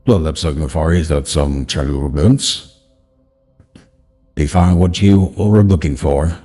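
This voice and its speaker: A man voicing a calm, deadpan male character through a voice changer, slow and booming. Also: breathy edge, faint music behind, exaggerated voice. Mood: solemn.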